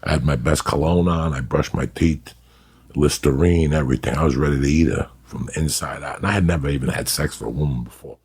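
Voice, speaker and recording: A middle-aged man, a podcast host, telling profane stories in casual chat with a gravelly voice. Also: extremely low pitch, quick pace. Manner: profane, animated storyteller.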